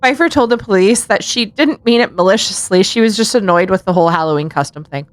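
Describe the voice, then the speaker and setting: A woman's voice: mid-range voice, fast talker, no echo. A woman co-hosting a casual podcast, telling true-crime stories with sarcastic asides and frequent giggles. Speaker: podcast co-host.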